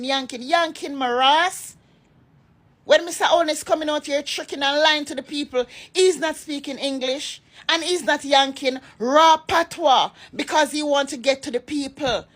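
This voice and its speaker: A woman from Jamaica speaks with a high-pitched voice. Her Jamaican accent keeps sliding into raw patois as she rants. She sounds impassioned and emphatic, scolding the people who criticize her. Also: a bit bright. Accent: Jamaican, shifting into patois. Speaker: vlogger. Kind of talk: political rant to followers.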